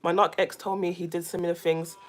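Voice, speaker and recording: A woman with a lowish voice chats straight to her viewers in a casual vlog, animated and emphatic. She leans on repetition to drive her points home. Faint music runs underneath. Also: fairly quick. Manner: animated, emphatic, repeats phrases for stress. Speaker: vlogger, self-care coach. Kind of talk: casual chat to camera.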